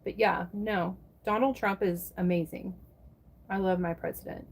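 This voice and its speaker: A woman's voice: medium pitch, steady tone, normal speed, slight background noise. A woman from the United States chatting casually on a livestream, answering viewers by name and swearing freely. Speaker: live streamer chatting with viewers.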